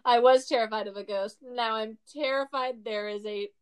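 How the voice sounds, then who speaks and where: A woman's voice: fairly high pitch, normal speed, smooth. A young woman co-hosting a podcast, telling stories in casual chat and swearing often. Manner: animated storytelling, swearing. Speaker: podcast co-host.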